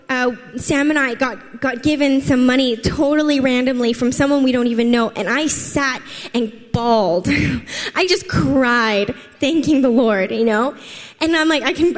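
High-voiced woman preaching in a reverberant hall. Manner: earnest, personal storytelling with many restarts. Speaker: pastor. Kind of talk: sermon.

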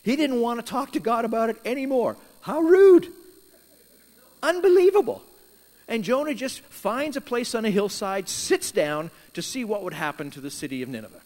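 A man preaching a sermon, telling a Bible story with lively emphasis and acting out the characters' words. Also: high voice, a little fast, few pauses, long reverb tail. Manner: animated storytelling, voicing Jonah and God in quoted lines. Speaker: pastor.

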